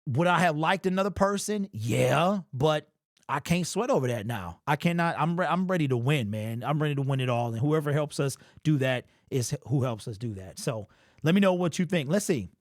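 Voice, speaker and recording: A man hosting a fan channel, giving casual sports commentary and using lots of slang in an animated way. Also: fairly high pitch, dry recording, studio quality. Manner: animated, talks fast, uses slang.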